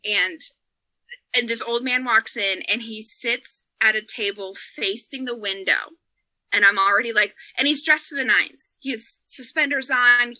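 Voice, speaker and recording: A woman comedian tells a podcast story in a high, very bright voice. She swears freely and laughs through the tale, and the sound is dry and close. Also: dry recording. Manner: profane, laughing, emotional storyteller. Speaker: comedian and former bartender. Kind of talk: animated comic storytelling on a podcast.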